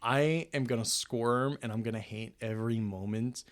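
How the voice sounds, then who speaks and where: A man's voice: mid-range voice, moderate pace. A young man hosting a casual podcast, rambling and self-deprecating, often laughing at himself. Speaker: podcast host. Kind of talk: casual chat.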